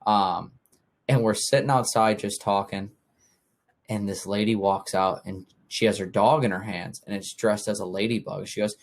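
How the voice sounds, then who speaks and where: A man's voice: on the low side, brisk. A young man hosting a podcast, telling casual stories and acting out what others said. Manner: easygoing storytelling with acted-out quotes. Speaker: podcast host. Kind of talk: casual chat.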